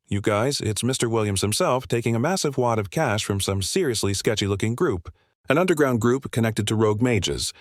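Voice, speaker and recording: A man's voice: mid-range voice, dry recording, clean studio sound. A man narrating a scripted story recap in a breathless, gossipy style full of slang.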